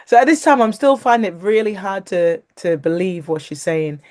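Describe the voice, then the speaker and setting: A woman with a mid-range voice and moderate pace relates a personal faith experience as a guest. Animated throughout, she laughs along the way and gives other people's words their own acted-out voices.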